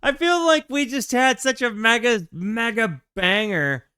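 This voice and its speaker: A man hosting a casual music reaction video from his home setup, joking and rambling with quick restarts. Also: very high voice, clean tone, no echo, studio quality. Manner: animated, jokey, rambling with restarts.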